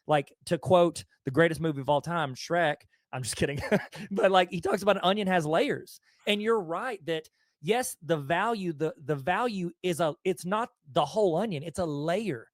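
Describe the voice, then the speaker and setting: Enthusiastic Southern man, higher voice. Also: no room sound, clean studio sound. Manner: enthusiastic storytelling. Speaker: host. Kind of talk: casual conversation.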